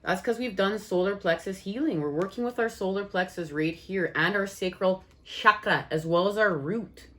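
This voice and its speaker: A woman's voice: mid-range voice, a bit bright. A woman giving an enthusiastic channeled astrology and tarot reading, talking straight to her viewers as "guys" and repeating her phrases. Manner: repetitive, rephrases lines in quick succession. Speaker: tarot reader.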